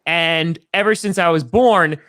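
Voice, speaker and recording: Excitable high-voiced guy from New York. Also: measured pace, no echo. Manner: upbeat, excitable, rambling with repeats. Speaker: podcast guest. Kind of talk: casual chat.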